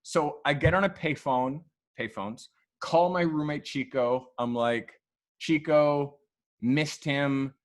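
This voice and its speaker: Male guest, slightly high-pitched, animated casual storyteller who swears freely. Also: takes it slowly. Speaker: photographer guest. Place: podcast studio.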